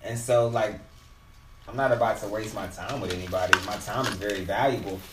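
A man's voice: on the low side, fairly quick, fairly bright tone, distant mic. A man chatting casually while drunk, talking loosely and laughing. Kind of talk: casual chat. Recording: roomy, off-mic, faint noise.

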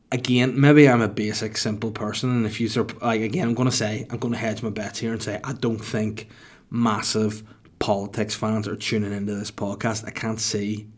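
A young man with a Northern Irish accent rambling profanely through a casual podcast monologue. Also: lowish voice. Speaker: podcast host.

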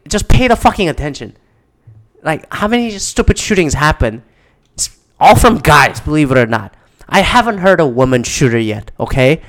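A man in a casual, rambling monologue, exasperated and swearing often. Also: fairly high pitch.

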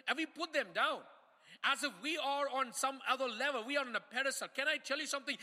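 Bright, high-voiced man preaching in a hall. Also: fast. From India. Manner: repeats words and restarts while preaching, rising to emphatic calls. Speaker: pastor. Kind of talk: sermon. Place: church hall. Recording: hall reverb.

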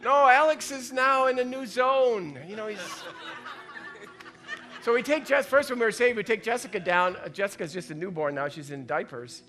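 Here a man preaches in a high-pitched voice, pushed and bright, at a moderate pace. He's a pastor giving a chatty, folksy sermon, joking and voicing what goes on in his head.

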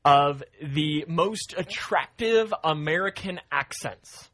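A man's voice: a little high, takes it slowly, no echo. A man hosting a morning radio show, chatting casually and reading news and weather. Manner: relaxed, reads news and weather plainly.

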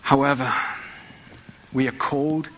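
A man's voice: mid-range voice, fairly even intonation, unhurried, a little hiss or hum. A man preaching a sermon in a church, conversational and full of rhetorical questions.

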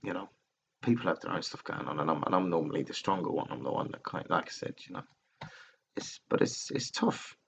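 A man's voice: low voice, brisk, creaky, slight background noise. A man talking candidly and casually on a solo podcast, rambling and swearing often as he restarts his sentences. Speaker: podcaster recording alone. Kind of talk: casual personal monologue. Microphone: laptop recording software.

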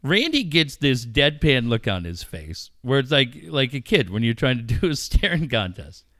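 A man telling stories in casual chat, animated and profane, laughing often. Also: medium pitch, normal speed, no room sound, studio quality. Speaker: radio engineer telling stories.

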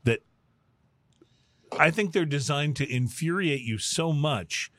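A man's voice: fairly high pitch, animated, takes it slowly, a bit bright, dry recording. A man hosting a casual talk show, chatty and easygoing, with many fillers and restarts. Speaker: host. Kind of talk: casual radio show chat.

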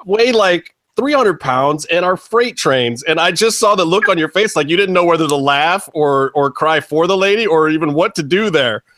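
Higher-voiced blunt host, dry sound. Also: male voice, lively intonation, moderate pace, few pauses, fairly bright tone, no room sound. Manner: blunt, profane, rambling questions. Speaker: podcast host. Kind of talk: casual interview.

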